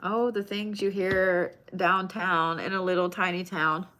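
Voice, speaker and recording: A woman's voice: on the low side, little pitch movement, unhurried, pushed and bright. A woman giving live card readings, talking casually and addressing viewers by name. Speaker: tarot card reader.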